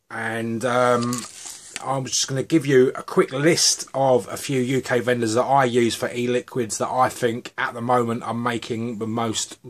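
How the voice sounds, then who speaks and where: A middle-aged man from the UK, chatting casually and rambling a little as he reviews vape juices. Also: mid-range voice. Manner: chatty, relaxed, rambling asides.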